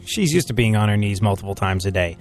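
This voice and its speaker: A male radio host raised between England and America, mostly England, riffing sarcastically in casual studio banter. He swings from playful highs to dry, low asides. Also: lively intonation, quick pace, soft background music. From England and America, mainly England.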